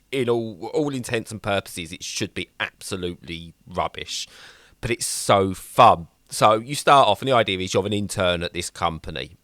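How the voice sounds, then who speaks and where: A man's voice: fairly low pitch, fairly bright tone, no echo, studio quality. A man co-hosting a podcast, talking casually and enthusiastically with many fillers and restarts. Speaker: podcast co-host. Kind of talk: casual chat.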